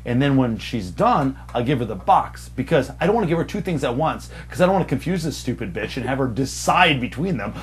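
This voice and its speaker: A young man, a server and podcast co-host, telling a profane story and acting out customers in sudden high, loud bursts. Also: a little fast, hardly any pauses, slight background noise. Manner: animated, profane, acts out customers in raised voices. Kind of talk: casual storytelling chat.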